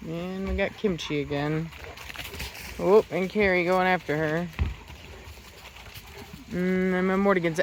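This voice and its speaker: Chatty woman shouting at dogs outdoors. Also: lowish voice, fairly even intonation, unhurried, long pauses, background noise. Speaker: dog breeder and vlogger. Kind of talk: casual vlog narration. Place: outdoors in a rural yard with dogs.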